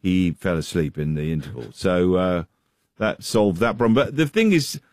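Rambling comedian with deep voice. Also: male voice, expressive, normal speed, a little mellow, no room sound, clean studio sound. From West Country, England. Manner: rambling, hesitant, many restarts. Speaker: comedian guest. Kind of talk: radio interview chat.

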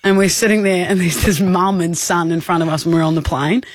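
A man's voice: sits high, steady tone, brisk, a little hiss or hum. A man with an Australian accent co-hosting a radio show, telling stories in playful, laughing banter from a studio. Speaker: radio co-host. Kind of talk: casual on-air banter.

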